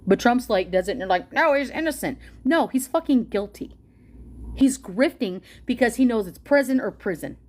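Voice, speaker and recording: A woman's voice: fairly high pitch, expressive, moderate pace, mellow. A woman delivering an angry, profane political rant straight to her viewers, heated and confrontational. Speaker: political commentator reading a policy document aloud. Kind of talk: angry direct-to-camera rant.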